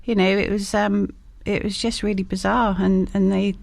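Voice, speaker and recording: A woman's voice: mid-range voice, little pitch movement, moderate pace, vocal fry, darkish tone. A woman guest talking frankly and casually in an interview, with lots of fillers and restarts. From England. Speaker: guest, shop owner.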